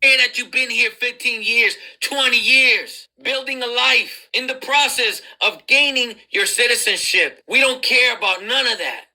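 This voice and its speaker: A woman commentator delivering a scornful, mocking monologue with drawn-out phrasing. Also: a little high, sharp tone, low-quality recording.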